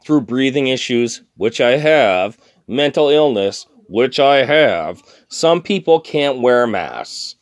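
A man's voice: mid-range voice, lively intonation, takes it slowly, hardly any pauses, no room sound, clean studio sound. Drunk man in a profane heated rant. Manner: heated, swearing, stammering restarts. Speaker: thrift shop worker.

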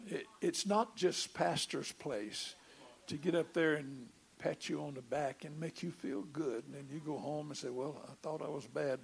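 An older preacher man tells a long story from the pulpit, often stammering and doubling his words. His voice is deeply gravelly and sits a bit high. A faint hiss runs under the recording. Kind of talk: sermon testimony.

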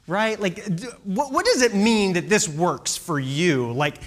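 A high-voiced man tells a story in a loose, conversational way. His pitch swings widely as he acts out what people said. He keeps checking in with quick asides. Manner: chatty, animated, fillers and "right?" asides. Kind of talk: casual storytelling talk.

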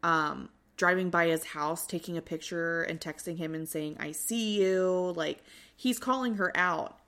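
A woman co-hosting a podcast, casually recapping a reality show, animated and swearing freely as she acts out what people said. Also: lowish voice, moderate pace. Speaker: podcast co-host.

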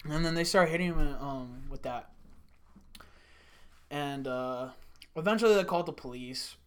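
Slightly high and fairly bright, this young man's smooth voice moves at a moderate pace. He's a former restaurant worker casually spinning a profane workplace yarn, saying "like" constantly.

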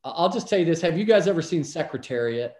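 A man's voice: a little high, fast. A middle-aged man telling a story as a guest in a casual interview, acting out the voices of the people in it. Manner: animated storyteller, acts out voices. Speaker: podcast guest, businessman. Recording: roomy echo.

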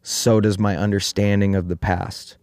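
A podcast host telling a story in casual chat, rambling and full of fillers, with some casual swearing. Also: male voice, lowish voice, flat delivery, moderate pace, darkish tone, no room sound, studio quality. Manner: rambling, heavy on "like" and "you know", casual swearing.

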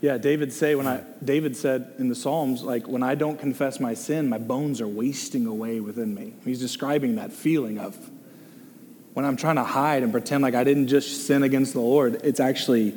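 A middle-aged man, a pastor leading a group discussion, preaching in an animated, joking way. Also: medium pitch, normal speed, in a large hall, a little hiss or hum. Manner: excitable, exclaims and jokes, reads listener comments aloud.

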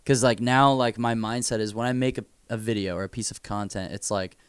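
A man interviewing a guest in a casual chat, easygoing and quick to joke or agree. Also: on the low side, steady tone, clean tone, no room sound. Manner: easygoing, joking, eager to agree.

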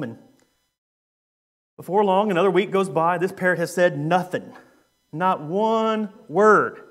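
A young adult man, a youth minister, preaching a sermon in a relaxed, joking way with lots of ums and uhs. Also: high voice. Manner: conversational, joking, with frequent fillers. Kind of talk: sermon with a humorous story.

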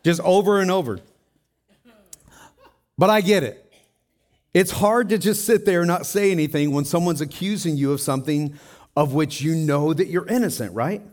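A middle-aged man gives a sermon in a church, talking to his congregation in a chatty, conversational way. His voice sits a little on the higher side, and he often checks in with his listeners by asking them questions. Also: moderate pace, long pauses, darkish tone. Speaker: pastor.

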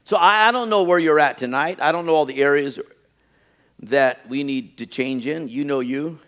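A man preaching to his congregation with a slightly raised pitch, circling back over his phrases and pressing each point harder. He reads his lists slowly and deliberately. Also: fairly bright tone. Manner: preaching with rising emphasis and frequent repetition. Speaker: pastor. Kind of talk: sermon.

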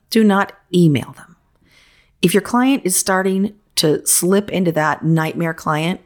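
A woman coaching interior designers in casual, frank podcast advice, talking in a conversational, emphatic way. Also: lowish voice.

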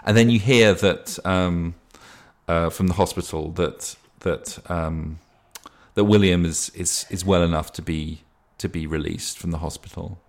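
A man's voice: low voice, unhurried. A man running a tabletop game as game master, narrating in a rambling, self-correcting way.

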